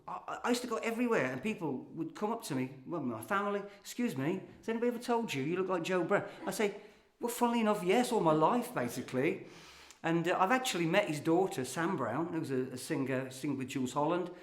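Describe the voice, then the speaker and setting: A man's voice: on the high side, animated, quick pace, few pauses. An older man from England with a Midlands accent, telling a chatty story and then reciting a rhyming comic poem to a live audience. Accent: English Midlands. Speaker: poet performer. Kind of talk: comic poetry performance. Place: small hall before a live audience. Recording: roomy hall sound.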